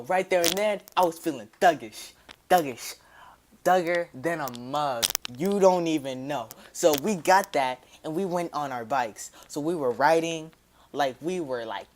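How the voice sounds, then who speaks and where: There's slight background noise as a man rambles through a personal story for his audience. His talk is laid-back and full of slang, with his voice sinking low whenever he quotes someone in an aside.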